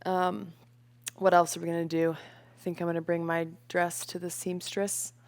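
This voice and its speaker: A woman in her late twenties co-hosting a casual podcast from home, dry and deadpan with short replies. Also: on the low side, moderate pace. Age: late 20s. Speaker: podcast co-host. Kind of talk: casual chat.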